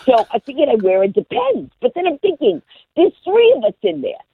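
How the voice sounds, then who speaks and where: Animated woman telling a story by phone. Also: high voice, brisk, slightly rough, no echo. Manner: lively, acts out every character. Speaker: guest. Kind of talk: animated storytelling on a radio call-in. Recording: tinny phone line.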